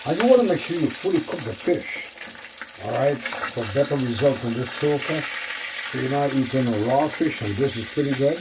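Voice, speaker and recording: A man's voice: mid-range voice, animated, moderate pace, very noisy. Chatty man giving a cooking demo. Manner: chatty, repeats phrases, talks to viewers as folks. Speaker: cooking show host. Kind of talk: casual cooking demonstration. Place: kitchen.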